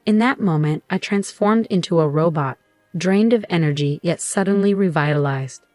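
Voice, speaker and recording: Woman narrating, lowish and dry. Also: moderate pace, a little mellow, no echo, faint music behind. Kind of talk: scripted first-person storytelling.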